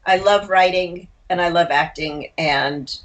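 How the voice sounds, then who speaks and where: A woman's voice: lowish voice, unhurried, rough recording. An older woman from Los Angeles, an author and guest, chatting casually and laughing often, with a frog in her throat. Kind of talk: casual interview chat.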